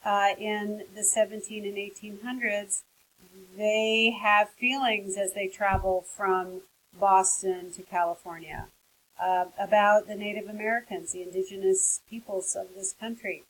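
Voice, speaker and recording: Woman writing teacher, husky voice, relaxed and conversational, full of fillers and candid asides. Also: mid-range voice, a little slow, low-quality recording. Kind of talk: recorded lecture.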